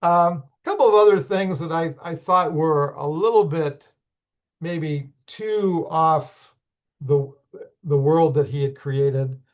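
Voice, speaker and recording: A hoarse man teaching a class, unhurried and thinking aloud with many fillers and restarts. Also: a little high. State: hoarse, losing his voice. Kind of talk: recorded class lecture.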